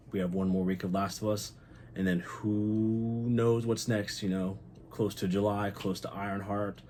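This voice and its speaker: A young man with a very low voice talks through a TV episode in a loose, excited vlog style. He swears freely and turns heartfelt, and a faint hiss sits under his voice. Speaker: channel host. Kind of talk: casual episode recap.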